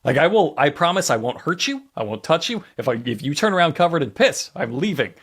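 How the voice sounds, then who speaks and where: A man co-hosting a comedy podcast in casual, joking chat. His voice sits a bit high and swings widely in pitch, animated as he mimics people mid-story. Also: breathy edge. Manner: animated, quick joking impressions. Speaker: podcast co-host.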